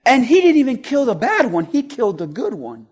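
A man preaching a sermon, speaking to the congregation conversationally and building from quiet asides to loud, urgent passages. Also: extremely high pitch, wildly swooping pitch, brisk, breathy edge. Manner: conversational, quotes scripture in voices.

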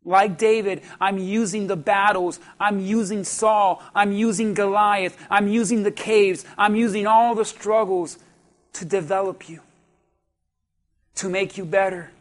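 A man preaching a sermon as a pastor, building with repeated phrases and rising to shouts. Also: high voice, fairly even intonation, a little slow. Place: church.

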